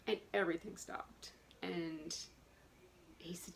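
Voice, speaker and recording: On a rough recording with faint background noise, a middle-aged vlogger speaks at a moderate pace in a lowish voice with vocal fry. She rambles casually and at length, chatty and describing herself as a talker.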